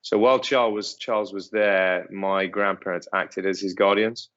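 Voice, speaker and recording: A man's voice: deep voice, fairly even intonation, moderate pace, fairly bright tone. A middle-aged man who owns an estate, answering interview questions in a hesitant way with many ums and restarts. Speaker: estate owner, interview guest. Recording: dull lo-fi sound.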